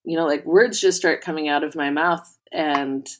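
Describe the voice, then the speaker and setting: A woman's voice: low-pitched, steady tone, normal speed. A woman co-hosting a podcast, chatting casually and rambling with many fillers. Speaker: podcast co-host. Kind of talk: casual chat.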